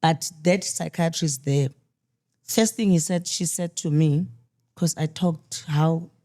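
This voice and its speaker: Woman, low, mellow voice; grieving mother in interview, candid and halting. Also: fairly even intonation. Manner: candid, halting, with restarts and quoted dialogue. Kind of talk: emotional personal storytelling.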